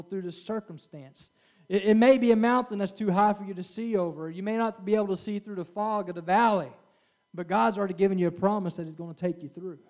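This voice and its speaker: High-voiced man preaching a sermon. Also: a little mellow. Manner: earnest, with frequent amens and restarts.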